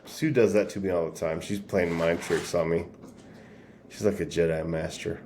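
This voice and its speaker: A man hosts a crude comedy podcast and jumps in with short jokes and reactions. His voice is low. A faint hum runs behind him. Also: steady tone, normal speed, darkish tone. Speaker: podcast host. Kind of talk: casual comedy podcast chat.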